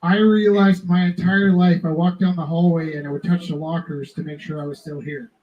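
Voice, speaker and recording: High-voiced man telling rambling stories. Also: brisk, muffled recording. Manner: rambling, self-interrupting, animated. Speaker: live art auction host. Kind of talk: casual storytelling to a live audience.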